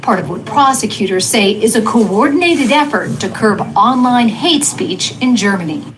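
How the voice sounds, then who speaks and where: A woman's voice: on the high side, animated, normal speed, a little hiss or hum, low-quality recording. A woman news reporter narrating a segment and asking interview questions.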